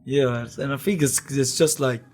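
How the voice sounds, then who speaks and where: A man's voice: medium pitch, normal speed, a little mellow. Laid-back young New Zealand man. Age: young adult. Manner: laid-back, laughing, lots of slang and fillers. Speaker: guest, young businessman. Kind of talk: casual chat.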